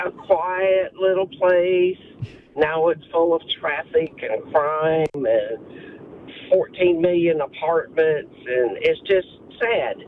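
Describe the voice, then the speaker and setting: A woman calling into a radio show, speaking slowly and wistfully. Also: low voice. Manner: slow, wistful. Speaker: caller. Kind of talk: phone call to a radio show. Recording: tinny phone line with faint noise.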